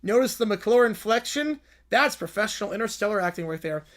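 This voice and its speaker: Male streamer doing a showy alien presenter; smarmy, slick, fairly high voice. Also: animated, fairly quick, fairly bright tone. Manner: smarmy showbiz patter.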